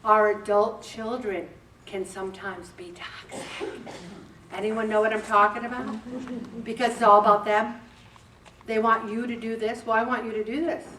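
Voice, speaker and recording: An older woman with a slightly high voice gives a chatty, direct talk to a group and acts out bits of dialogue. She is picked up from a distance in a roomy space. A faint hum sits behind her. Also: steady tone, moderate pace, bright, forceful tone. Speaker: group leader speaking to a weight loss group. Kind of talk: casual motivational talk.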